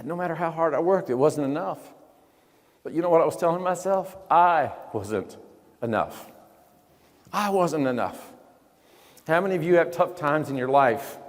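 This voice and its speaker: A man's voice: fairly high pitch, fast. Man preaching in an echoing hall. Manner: emphatic, questions the audience, drops to hushed tones. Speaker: motivational speaker. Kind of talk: live motivational sermon. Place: large event hall. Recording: long hall reverb.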